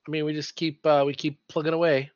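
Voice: mid-range voice, flat delivery, fast, dry recording. A player chatting casually during an online tabletop game, rambling with many fillers and laughing often. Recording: dull lo-fi dry audio.

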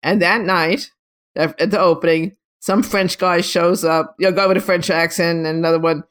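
A woman photographer in an interview, telling long rambling stories with many restarts and lively quotes of other people. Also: lowish voice, moderate pace. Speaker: photographer guest. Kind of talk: casual storytelling interview.

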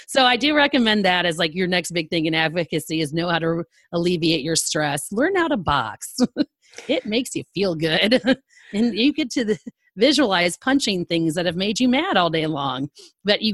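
A middle-aged woman, guesting on a podcast, tells a personal story in animated conversation, laughing often and acting out the quoted dialogue. Her voice is medium-pitched at normal speed, with no room sound.

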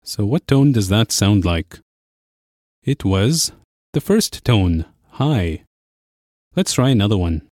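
A man teaching a language lesson, explaining clearly and patiently. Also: lowish voice, very animated, slow pace, long pauses, darkish tone, no room sound, clean studio sound. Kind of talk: scripted lesson narration.

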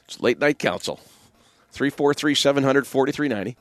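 A man's voice: mid-range voice, fairly quick, dry recording. A man hosting a call-in talk radio show, emphatic and opinionated with sardonic asides.

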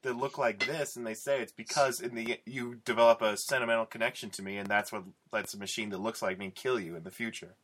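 A man's voice: fairly low pitch, steady tone, fairly bright tone. A man co-hosting a casual movie chat, chiming in with short, wry comments. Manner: wry, quick interjections. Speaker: podcast co-host.

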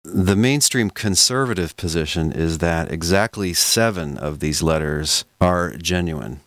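A man hosting a podcast, explaining history in a measured, scholarly, conversational way. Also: sits low, lively intonation, a bit bright, no room sound, clean studio sound. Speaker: podcast host. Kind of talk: explanatory lecture-style podcast talk.

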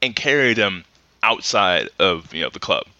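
A man's voice: low voice, big pitch swings, moderate pace, bright, forceful tone, lo-fi sound, slight background noise. A man co-hosting a podcast, rambling through stories in casual chat with many fillers. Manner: rambling storyteller, many fillers and acted quotes. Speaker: podcast co-host.

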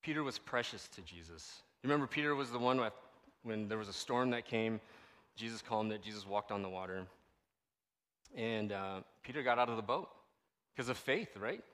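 Man, pastor, casual sermon, bright forceful voice, long echo of a big hall. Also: fairly low pitch, normal speed. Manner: animated, conversational, asks the audience "right?" often.

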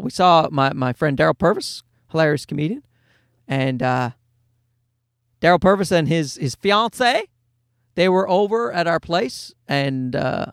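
With a high voice, a forty-year-old man tells wry, wandering comic stories in a casual monologue that includes some swearing. The recording is studio quality and free of echo.

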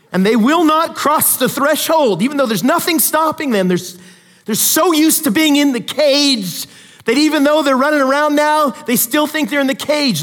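A man preaching a sermon, swinging from quiet storytelling asides to loud, emphatic peaks. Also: very high-pitched. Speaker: pastor. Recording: long hall reverb.

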